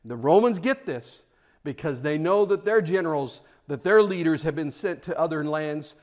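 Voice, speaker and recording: A man's voice: a little high, animated, normal speed, darkish tone. Earnest man preaching through scripture. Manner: earnest, repeats words, restarts sentences; reads scripture aloud, then explains. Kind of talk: expository sermon.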